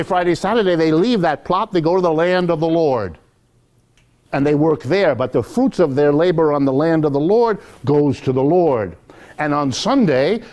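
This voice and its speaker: Man, professor, public lecture, storytelling delivery, mid-pitched voice. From United States. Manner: animated storytelling, addresses audience directly. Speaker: economics professor.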